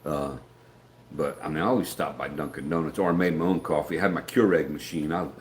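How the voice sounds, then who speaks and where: Deep-voiced American man chatting on a live stream. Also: fairly quick, a little hiss or hum. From United States. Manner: folksy and rambling, greets chatters by name. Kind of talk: casual live-stream chat. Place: outdoors, filming on a gimbal. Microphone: handheld camera on a gimbal.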